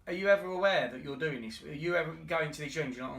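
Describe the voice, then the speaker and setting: A man's voice: fairly high pitch, fast, fairly bright tone, distant mic. A man co-hosting a podcast, talking earnestly in casual chat and often restarting his words. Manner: earnest, many restarts and stammers. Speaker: podcast co-host. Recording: roomy, off-mic.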